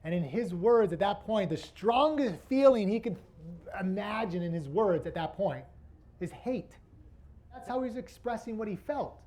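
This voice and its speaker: A man's voice: high-pitched, lively intonation, normal speed, mellow. A man presenting a workshop to an audience, asking rhetorical questions as he teaches. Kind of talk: interactive teaching talk.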